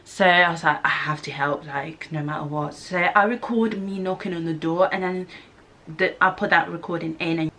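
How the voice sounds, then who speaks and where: A young woman, telling an animated storytime vlog and acting out the voices she quotes. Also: fairly low pitch, normal speed, slight background noise. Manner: animated, acts out screams and quotes. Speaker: vlogger. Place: student flat room.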